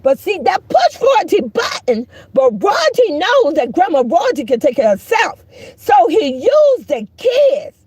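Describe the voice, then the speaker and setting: A woman's voice: extremely high pitch, huge pitch swings, measured pace, darkish tone, no room sound. A middle-aged woman giving heated, profane, preachy live-stream commentary, mocking the people she talks about.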